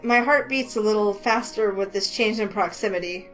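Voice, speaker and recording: A woman reading a romance game aloud in a lively, excitable way, with faint music behind her. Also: medium pitch, moderate pace, low-quality recording. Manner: lively, excitable, voices the heroine with outbursts. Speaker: gaming channel host reading a visual novel.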